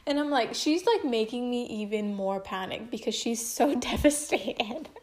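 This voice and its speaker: Young woman vlogger, slightly high voice, casual emotive storyteller with lots of fillers. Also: normal speed. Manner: chatty and emotive, heavy use of filler words. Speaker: vlogger telling a personal story. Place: at home.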